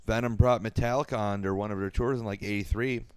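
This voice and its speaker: A man with a fairly low, smooth voice, telling a story in a loose, casual way and scattering filler words throughout. The sound is dry and close to the mic. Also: fairly even intonation, fast, darkish tone, no echo. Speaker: podcast co-host. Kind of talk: casual chat.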